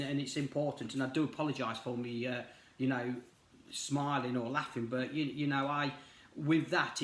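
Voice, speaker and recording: A man's voice: mid-range voice, a bit bright. A middle-aged man chats his way through a tarot reading. He rambles, with lots of fillers and restarts. His voice has a roomy echo around it. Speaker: tarot reader. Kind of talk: casual chat while reading cards.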